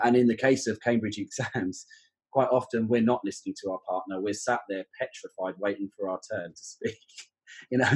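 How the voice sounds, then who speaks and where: A man's voice: on the low side, husky, poor audio. A man, a podcast guest who explains exam teaching in a reflective, conversational way.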